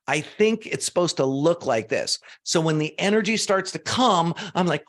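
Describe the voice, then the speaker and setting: Man, motivational teacher; bright, lively, very expressive pitch; casual delivery with emphatic bursts. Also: normal speed, gravelly, hardly any pauses. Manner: animated, swings from soft low asides to loud emphatic bursts; casual, uses fillers like "like" and "you know". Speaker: manifestation coach. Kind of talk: motivational teaching talk to an audience.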